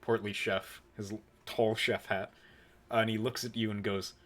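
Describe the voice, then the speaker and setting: Young guy running a tabletop game, lowish voice, loose and rambly with lots of ums. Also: moderate pace. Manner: relaxed, rambling narration with fillers. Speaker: game master.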